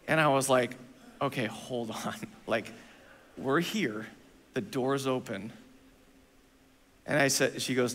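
A male pastor tells a self-mocking story during a sermon. He acts out the dialogue in an animated way, speaking in a church sanctuary. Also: mid-range voice, a little slow, pauses often. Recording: long reverb of a church hall.

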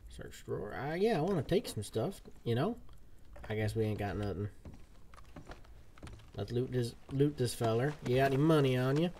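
A man narrating his own live game stream with a folksy, put-on cowboy drawl. His pitch sits mid-range and relaxed. A faint bed of noise runs underneath. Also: normal speed, long pauses. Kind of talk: casual live game commentary.

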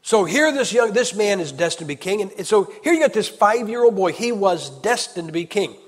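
A male evangelist preaching a sermon in a high, ringing voice, the sound carrying a long reverb from the hall. He keeps asking rhetorical questions and moves from loud, driving declarations to quiet storytelling. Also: lively intonation, brisk. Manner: emphatic, rhetorical questions, swings from loud to hushed. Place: large church hall.

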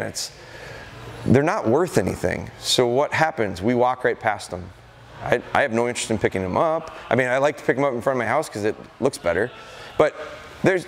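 A middle-aged man from Wisconsin giving a live dog-training seminar to an audience, telling stories and acting out excited calls to a puppy. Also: medium pitch, creaky. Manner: animated storytelling, acts out excited calls to dogs. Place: large indoor hall with a corridor.

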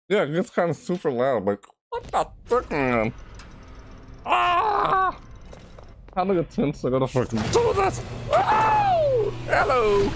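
A gaming channel host playing a horror game, panicking out loud with yelps, shrieks and repeated cries of alarm. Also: mid-range voice, huge pitch swings, normal speed, noisy background. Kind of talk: horror game let's play commentary. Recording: game music loud under the voice. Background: loud tense game music.

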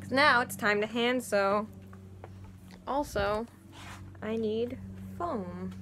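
A woman's voice: on the high side, slow, bright, forceful tone, a little hiss or hum. A young woman cosplayer chatting and laughing as she films herself sewing at home. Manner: chatty, giggly, self-deprecating. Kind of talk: casual vlog narration while crafting.

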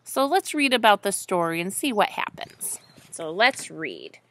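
A woman reading a picture book aloud to children, gently asking them questions along the way. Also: medium pitch, sing-song, a little slow, a little hiss or hum.

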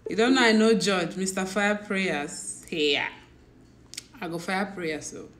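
A woman's voice: mid-range voice, slow, fairly bright tone. A woman with a Nigerian accent chatting casually with her livestream viewers, mixing in pidgin and laughing often. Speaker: livestream host. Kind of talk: casual live chat with viewers.

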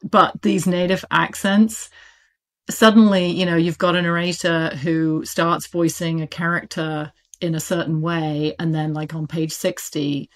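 A woman with a British accent speaks as a guest in an interview. She talks in a loose, chatty way, full of fillers and quick laughs, with a slightly low voice. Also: flat delivery. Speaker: audiobook publisher, interview guest. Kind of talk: casual interview talk.

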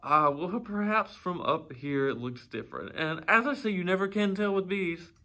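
A man's voice: sits high, moderate pace, bright, forceful tone, pitched above the performer's own voice. Winnie the Pooh, as a man voices him. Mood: anxious, calling. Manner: earnest, slightly anxious, ponderous. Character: gentle, earnest, simple-minded male toy bear. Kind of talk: storybook read-aloud.

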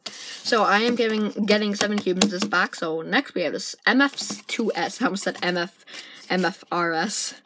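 A woman casually chatting through an unboxing, excitable and rambling as she thinks aloud, recorded on a camera's built-in mic. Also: mid-range voice, normal speed. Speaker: vlogger unboxing puzzle cubes. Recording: noisy amateur camera recording.

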